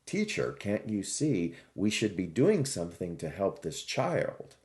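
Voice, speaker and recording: A man's voice: low voice, big pitch swings, unhurried, darkish tone. A man voicing a troubled male student who earnestly questions his teacher and pleads for guidance.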